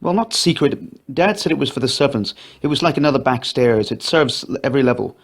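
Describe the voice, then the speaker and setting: A man's voice: medium pitch, animated, a little fast, voice pushed up. A man voicing a distressed grown woman who pleads through tears in a read-aloud audio story. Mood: urgent. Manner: pleading, voice raised.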